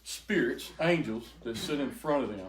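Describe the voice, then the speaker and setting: Older man giving a halting testimony. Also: mid-range voice, lively intonation. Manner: halting, repeats words, quotes others. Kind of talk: emotional personal testimony to a group. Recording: echoey room, faint noise.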